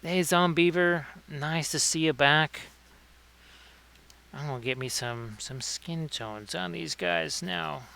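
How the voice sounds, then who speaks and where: A man's voice: fairly high pitch, takes it slowly, gravelly, sharp tone. A man hosting a casual livestream painting tutorial, chatting with viewers by name between painting tips. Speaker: miniature painting streamer.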